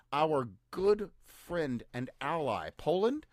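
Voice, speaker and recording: Sarcastic man with a lively voice. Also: medium pitch, moderate pace. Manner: dry, sarcastic, mock-cheerful asides. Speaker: podcast co-host. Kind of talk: sarcastic news commentary chat.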